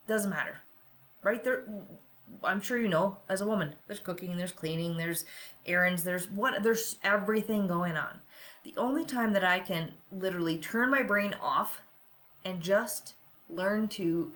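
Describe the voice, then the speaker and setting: A woman's voice: mid-range voice, fairly bright tone. A middle-aged woman hosting a podcast and coaching, speaking candidly and confessionally and often checking in with "right?". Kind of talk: personal podcast monologue.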